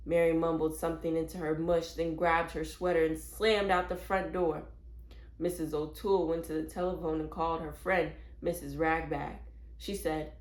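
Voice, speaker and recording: A woman reading a children's chapter book aloud in a clear, measured storytelling voice. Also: on the low side, fairly even intonation, roomy sound.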